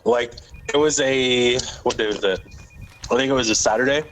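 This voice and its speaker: A man's voice: mid-range voice, moderate pace, a bit bright, soft background music, poor audio. Young man telling a rambling story. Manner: rambling storyteller, laughs at his own story. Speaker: gaming channel co-host. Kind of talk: casual chat over gameplay.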